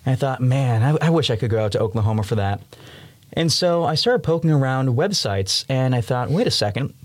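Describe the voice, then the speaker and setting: Lively young man telling storm stories. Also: mid-range voice, fairly quick. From Massachusetts, USA. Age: 20s. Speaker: podcast guest, student storm chaser. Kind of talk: storytelling in an interview.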